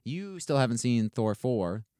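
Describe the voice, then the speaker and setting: A man hosting a casual podcast, excitable and swearing freely, with lots of fillers. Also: mid-range voice, measured pace, no echo. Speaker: podcast host. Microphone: studio mic.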